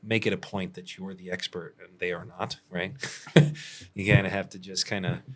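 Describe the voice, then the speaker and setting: Deep-voiced, laid-back contractor telling stories. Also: male voice, flat delivery, normal speed. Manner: laid-back, chuckles often, many fillers. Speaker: roofing contractor, podcast host. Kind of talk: casual podcast storytelling.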